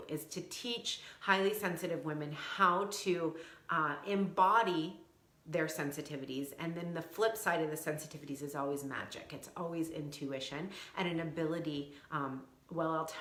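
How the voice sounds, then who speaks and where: A woman's voice: lowish voice, a bit bright, reverberant. A woman in her thirties, a coach for sensitive women, giving an effusive livestream talk straight to her viewers.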